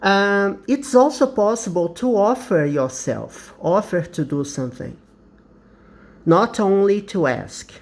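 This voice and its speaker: A man's voice: high-pitched, lively intonation, takes it slowly. A man with a Brazilian Portuguese accent teaching an English lesson, explaining carefully and repeating example sentences.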